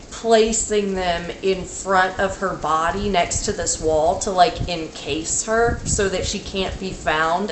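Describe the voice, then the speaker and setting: A woman vlogger recounting a dream in casual speech, halting and rambling, with many "like"s and restarts. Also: lowish voice. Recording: echoey room with faint noise.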